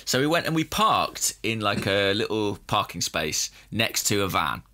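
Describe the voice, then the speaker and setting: A man's voice: lowish voice, sing-song, moderate pace, sharp tone. A man co-hosting a football podcast, telling a long self-deprecating anecdote in casual chat. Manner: self-deprecating storyteller, laughs at own mishaps. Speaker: podcast co-host.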